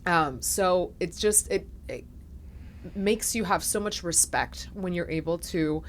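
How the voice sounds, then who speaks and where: Woman, podcast host, low voice, soft-spoken, reflective, faint hiss. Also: measured pace. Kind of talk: intimate interview conversation.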